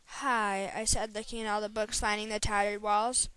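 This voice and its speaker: A woman's voice: medium pitch, fairly quick, clean tone, no echo, rough recording. Woman reading her own story aloud. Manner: steady first-person storytelling.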